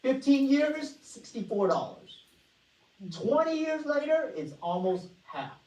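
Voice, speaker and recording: A woman giving an energetic money-management workshop presentation, often asking the audience rhetorical questions. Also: sits high, measured pace. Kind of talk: motivational presentation. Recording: echoey room, voice far from mic.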